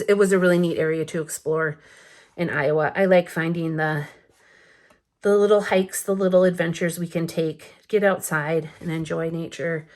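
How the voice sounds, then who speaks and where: A woman in her thirties chatting casually through a photo album flip-through late at night, rambling with lots of fillers and little laughs, a bit sleepy. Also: on the low side. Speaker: scrapbooking vlogger. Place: home at night.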